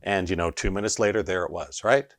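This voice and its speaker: A man teaches energy healing straight to camera, speaking with emphasis and pausing for rhetorical checks. His voice sits a little low. The sound is dry, with no room echo. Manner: emphatic, keeps asking rhetorical "right?". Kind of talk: instructional video monologue.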